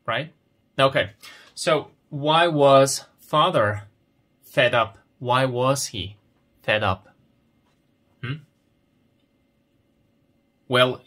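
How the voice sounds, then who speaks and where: A man teaches English at a very unhurried pace. His voice is bright and forward, and he asks simple questions about a picture story and then answers them himself. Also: mid-range voice. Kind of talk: slow explanatory lesson, reading a picture story.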